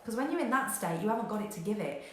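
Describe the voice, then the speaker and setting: A woman business coach giving a motivational talk, energetic and direct, who acts out panicked voices and swears casually. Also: medium pitch, racing, slight background noise. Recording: very echoey room.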